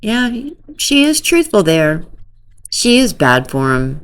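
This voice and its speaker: A woman talks through old messages in casual true-crime commentary. Her voice is low for a woman and very unhurried. She drops dry, amused asides between readings and often laughs. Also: very animated, clean tone.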